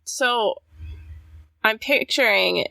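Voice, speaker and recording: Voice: medium pitch, gravelly, sharp tone, dry recording. A podcast co-host making joking remarks in casual banter. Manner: joking interjections, quick laughs.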